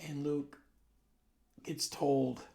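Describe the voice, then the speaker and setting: A man in his forties talking casually to camera, rambling and conversational, sometimes dropping into soft asides. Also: mid-range voice, flat delivery, very slow, vocal fry. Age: 40s. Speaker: video host. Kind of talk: casual monologue.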